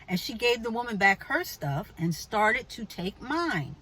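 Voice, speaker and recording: A woman vlogger telling a personal story to her viewers in a chatty, animated way, with asides to the viewer. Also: fairly high pitch, a little slow, husky, rough recording. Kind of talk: casual storytelling to camera.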